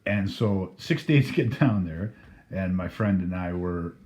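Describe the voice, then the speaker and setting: A man's voice: sits low, a little slow, a little mellow. Laughing man telling a story. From Canada. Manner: laughs through his words, swears freely. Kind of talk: casual spoken storytelling.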